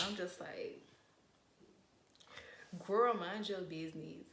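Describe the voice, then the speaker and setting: A young woman in casual storytime chat, animated and profane, acting out what people said. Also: on the low side, normal speed, echoey room, a little hiss or hum. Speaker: vlogger.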